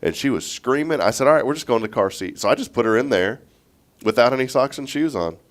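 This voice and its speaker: A man's voice: mid-range voice, animated, quick pace. A congested man, hosting a morning show in casual, rambling chat and laughing often.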